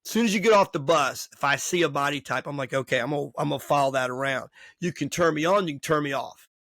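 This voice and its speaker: Speaking fast in a fairly high register, a middle-aged baseball coach hosting a podcast spins stories during easygoing interview chat. He's an animated storyteller who voices the people he quotes, and the studio-quality recording carries no room sound.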